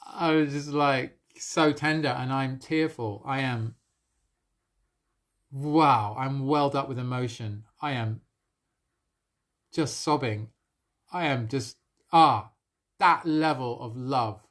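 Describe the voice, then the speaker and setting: Earnest man sharing a spiritual story. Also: medium pitch. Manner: earnest and emotional, laughs softly between phrases. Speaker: spiritual coach. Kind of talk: live-streamed personal storytelling.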